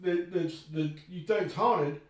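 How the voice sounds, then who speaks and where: A man's voice: sits high, slow pace. A man with a Texan accent, chiming in on a casual live stream in a laid-back way. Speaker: paranormal investigator co-host. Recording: very echoey, distant from the mic.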